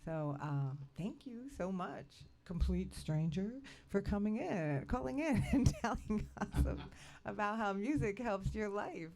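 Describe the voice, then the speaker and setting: Lively-voiced upbeat woman podcast co-host. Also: medium pitch, a little slow. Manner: chatty, upbeat, laughs often. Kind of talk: casual chat.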